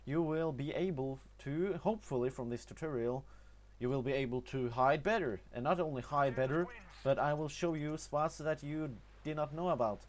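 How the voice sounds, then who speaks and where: A young man with a Norwegian accent talking over gameplay in a casual tutorial, halting often with fillers and restarts. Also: on the high side. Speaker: gaming tutorial narrator.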